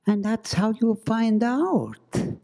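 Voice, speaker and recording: A man voicing an eerie, insistent woman visitor with a put-on Middle European accent, beckoning slowly. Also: high-pitched, expressive, warm tone, pitched above the performer's own voice, heavily acted. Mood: coaxing.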